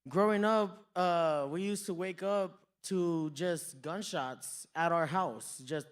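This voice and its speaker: On a comedy club stage, a young man from New Mexico, USA delivers a stand-up set in a high-pitched, clear, resonant voice at a slow pace. He tells his stories in a laid-back way, slipping into quoted voices.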